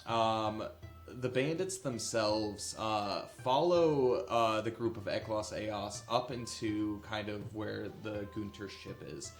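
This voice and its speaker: A man narrating a tabletop game as game master, in a casual, halting way with many fillers. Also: lowish voice. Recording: echoey room with faint music.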